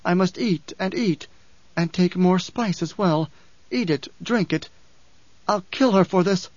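A raspy young desert-warrior woman, pregnant and seething with vengeful fury, as a male narrator puts her on, her voice lifted high above his own. She speaks with quiet, intense threat. The recording is dull and dry. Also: a little slow, dry recording. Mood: fierce.

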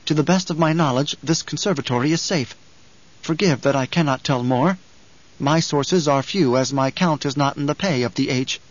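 A man's voice: on the high side, normal speed, highs cut off, natural voice. A man reading as an urgent secret informant. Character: secret informant writing a hasty warning.

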